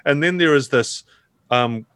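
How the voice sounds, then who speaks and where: A man running a tabletop game as game master. He narrates in a measured, descriptive way with fillers. The recording is close and dry. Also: mid-range voice, fairly bright tone, clean tone, no echo.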